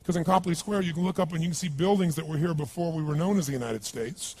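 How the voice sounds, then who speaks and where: A man's voice: fairly high pitch, fast talker, darkish tone, husky. A man giving a motivational seminar talk, telling a story with energy and asking the crowd questions. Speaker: motivational speaker.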